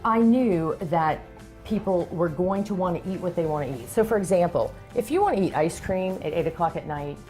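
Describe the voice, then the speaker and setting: A woman's voice: lowish voice, lively intonation, a little fast, warm tone, faint music behind. A woman talking as a guest on a cooking show, chatty and enthusiastic, with frequent ums and you-knows. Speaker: guest from a diabetes website. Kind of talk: casual chat on a cooking show. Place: studio kitchen.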